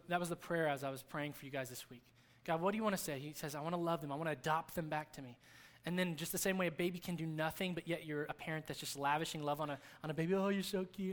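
At a church service, a pastor in his thirties preaches a sermon in a notably high, fairly bright voice. His style is conversational but earnest, and he uses repetition to hammer his points home.

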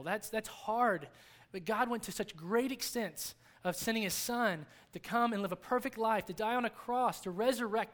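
A man's voice: sits high, a bit bright. A man in his thirties preaching a sermon at a church service, talking conversationally and earnestly, repeating key phrases for emphasis. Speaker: pastor.

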